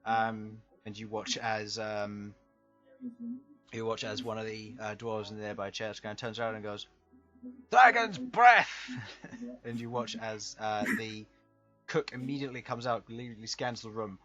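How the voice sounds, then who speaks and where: Unhurried male game master, lo-fi. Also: lowish voice, level tone, fairly bright tone. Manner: descriptive, unhurried, chuckling between lines. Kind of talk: narrating a tabletop game. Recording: dull lo-fi sound, faint music.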